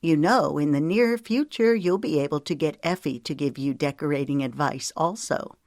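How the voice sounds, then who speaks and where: A narrator voicing Bertie, a grandmother in love, soft, teasing and emotional, lifting the voice higher for her. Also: normal speed, dry recording, studio quality, close to an everyday voice. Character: warm hopeful woman in love, older.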